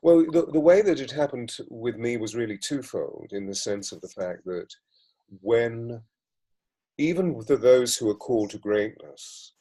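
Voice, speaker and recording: A man, a voice coach and mystic guest, talking in a measured, flowing way in an interview, building long lists and repetitions. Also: mid-range voice, lively intonation, mellow, husky, rough recording. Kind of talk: reflective interview talk.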